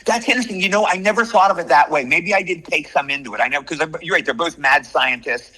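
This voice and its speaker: An older man telling stories as an actor being interviewed, chatty and excitable. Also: on the high side, poor audio. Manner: chatty storyteller, quick and excitable. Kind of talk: casual interview chat.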